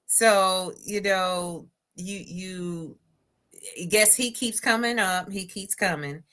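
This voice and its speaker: A woman in her forties hosts a relaxed interview, speaking slowly and talking straight to her audience. Her voice is bright but sits fairly low. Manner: relaxed, speaks to listeners as "y'all". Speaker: podcast host. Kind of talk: casual interview chat.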